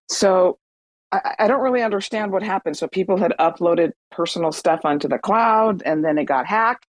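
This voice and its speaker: Friendly woman with a low dry voice. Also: dry recording, low-quality recording. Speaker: listener joining a chat. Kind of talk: casual live audio chat.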